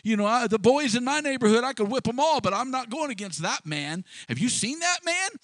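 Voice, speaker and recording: A man's voice: very high-pitched, very animated, a little fast, a bit bright, no room sound, studio quality, pitched above the performer's own voice, full character voice. A man voicing a frightened, boastful adult soldier who stammers nervously and insists he will not fight. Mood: scared.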